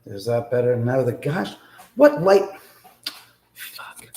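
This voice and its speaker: A man hosting a live stream, telling a rambling, animated story and swearing freely. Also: medium pitch, takes it slowly, a little hiss or hum. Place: in a house. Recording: roomy echo.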